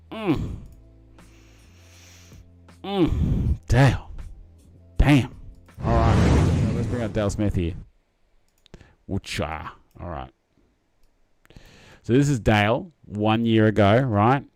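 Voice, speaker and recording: A man's voice: on the low side, very animated, slow, pauses often, darkish tone, no echo, soft background music. Rambling, matey man chatting on a live stream. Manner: rambling, frequent fillers and restarts, matey. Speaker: livestream host reading chat. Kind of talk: casual live-stream chat.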